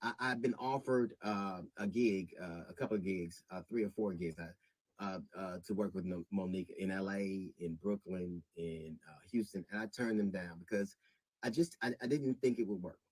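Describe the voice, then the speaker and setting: A middle-aged comedian making a public statement, measured at first and then indignant, with halting restarts. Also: male voice, low voice, darkish tone, husky, no room sound, rough recording.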